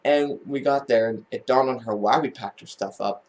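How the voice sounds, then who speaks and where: A man's voice: mid-range voice, moderate pace, a little mellow. A man vlogging, telling a personal family story in a casual, rambling way, with many restarts and false starts.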